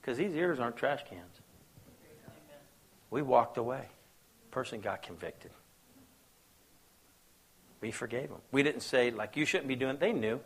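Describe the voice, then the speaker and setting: A man's voice: animated, a little slow, pauses often, slightly rough. A man preaching a sermon as pastor, telling stories, acting out quoted voices and asking the crowd if they follow. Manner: storytelling preacher, acts out quoted voices, asks the crowd questions; swings between hushed low asides and loud raised bursts.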